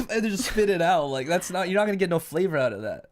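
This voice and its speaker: A man's voice: high voice, sing-song, normal speed, slight background noise. A young man co-hosting a casual podcast chat, rambling and laid-back, swearing freely as he tells stories. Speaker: podcast co-host.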